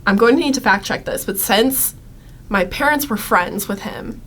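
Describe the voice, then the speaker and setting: A woman co-hosting a podcast in casual chat, gushing and enthusiastic and quick to laugh. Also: mid-range voice, fairly bright tone. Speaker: podcast co-host.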